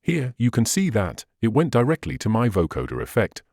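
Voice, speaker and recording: A man's voice: mid-range voice, huge pitch swings, brisk, a little mellow, dry recording, clean studio sound. A man hosting a synthesizer tutorial, patiently walking through settings step by step with slightly non-native phrasing. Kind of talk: instructional screen walkthrough.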